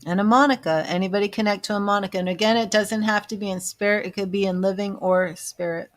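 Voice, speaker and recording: A woman hosting a live psychic reading stream speaks in a chatty, self-amused way, calling out names to her viewers. Her pitch sits in an ordinary middle range, and she slips into quiet murmured asides between questions. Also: fairly even intonation, quick pace. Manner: chatty, laughs at herself, drifts into soft murmured asides. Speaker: psychic medium reader.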